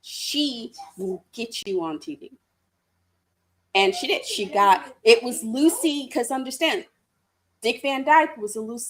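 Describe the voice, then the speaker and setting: A woman co-hosting a casual chat podcast who talks playfully and laughs often. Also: fairly high pitch. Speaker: podcast co-host.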